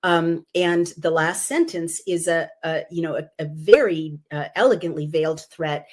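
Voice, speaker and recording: Lowish-voiced woman reading her essay aloud. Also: moderate pace, darkish tone. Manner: enthusiastic asides with many fillers. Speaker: political commentator, former consultant.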